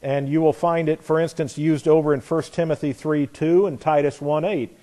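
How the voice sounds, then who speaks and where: A man's voice: a little high, steady tone, normal speed, warm tone. A man preaching a sermon to his assembly in a conversational teaching manner, explaining words and sometimes spelling them out letter by letter. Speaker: pastor.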